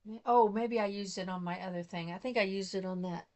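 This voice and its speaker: A woman's voice: mid-range voice, fairly quick, warm tone. A middle-aged woman, chatting casually and rambling as she shows her craft supplies. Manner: chatty, rambling, thinks aloud. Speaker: craft vlogger. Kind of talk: casual show-and-tell chat.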